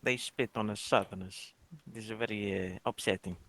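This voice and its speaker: A man's voice: on the low side, fairly even intonation, normal speed, gravelly, a bit bright, no echo. A touchy Sicilian barber in the Wild West, voiced by a man, speaking with a thick put-on Italian accent. He is theatrical and drops Italian words into his English in a game role-play. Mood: aggrieved.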